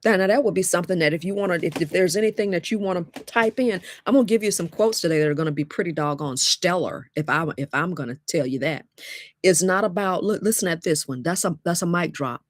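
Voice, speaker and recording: A woman's voice: fairly low pitch, fast talker, dry recording, clean studio sound. A woman, giving a motivational talk as a dating coach, emphatic and repetitive with call-and-response phrases.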